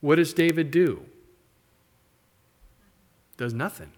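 Animated man preaching a sermon. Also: medium pitch, measured pace. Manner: animated preaching, mimics characters in asides. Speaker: pastor.

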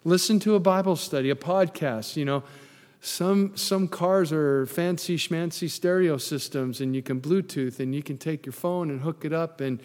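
A male pastor preaches in a chatty, down-to-earth way and drops in humorous asides. His voice sits a bit high for a man. The sound carries a long reverb, as in a large church hall. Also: moderate pace, a little mellow. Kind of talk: sermon.

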